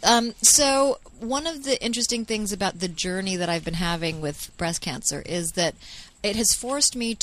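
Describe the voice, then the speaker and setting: Woman, podcast guest, casual conversation, earnest, emphatic, mid-pitched voice, garage recording. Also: fairly bright tone, rough recording. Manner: earnest, emphatic, quotes others often.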